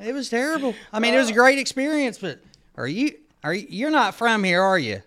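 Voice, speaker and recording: A man's voice: very high-pitched, very animated, brisk, pushed and bright. A man, co-hosting a podcast, joking and drifting from topic to topic. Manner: jokey, rambling, easily sidetracked. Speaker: podcast co-host. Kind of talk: casual chat.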